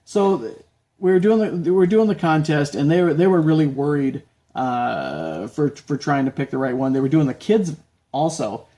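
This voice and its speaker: A man's voice: on the high side, normal speed. A man hosting a podcast, telling stories in a casual chat and acting out the people he quotes. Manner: animated, acts out quotes in shouts. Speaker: podcast host.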